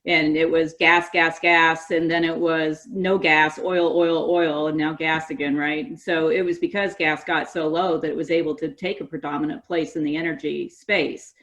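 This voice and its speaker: A woman's voice: low voice, level tone, normal speed, few pauses, fairly bright tone. A woman guest on a podcast, speaking in an upbeat, conversational way. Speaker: podcast guest, association representative. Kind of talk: casual podcast interview.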